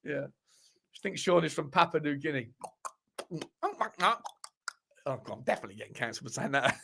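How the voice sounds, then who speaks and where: A man's voice: medium pitch, lively intonation, fast talker, gravelly, fairly bright tone, slight background noise. A man hosting a football fan livestream, chatting casually, rambling, correcting himself and joking with the live chat. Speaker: football fan channel host.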